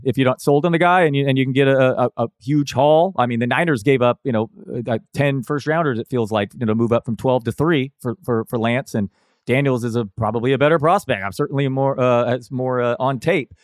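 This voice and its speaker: A man talking fantasy football in a loose, halting way, often stopping and restarting mid-sentence. His voice sits at a medium pitch. The recording is close and dry, with no echo. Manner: halting, lots of fillers and restarts, chuckles now and then. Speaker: fantasy football podcast co-host. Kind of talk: casual sports analysis chat.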